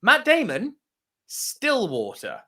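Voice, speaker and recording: A man from France co-hosts a laid-back movie chat. He talks in an animated, emphatic way, his pitch leaping around and sitting a little high. He swears often. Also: slow. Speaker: co-host of a movie podcast. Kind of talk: casual chat.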